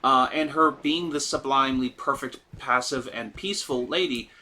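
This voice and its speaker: A man co-hosting a gaming video, chatting casually and animatedly while playing. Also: moderate pace. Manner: chatty, animated, mimics characters in high voices. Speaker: gaming channel co-host. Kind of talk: casual let's-play chat.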